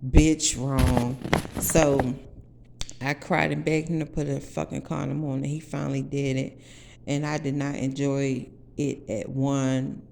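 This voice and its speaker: A woman's voice: very deep voice, little pitch movement, a little slow, creaky, mellow, slight background noise. A woman in her forties from the Washington DC area, telling her story to viewers in a blunt, profane, emphatic way. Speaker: vlogger.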